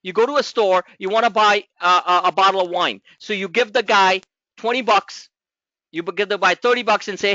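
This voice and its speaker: A man coaching a trading group, explaining markets in an animated, rambling way with many restarts. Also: high-pitched, fairly quick, no echo, dull audio.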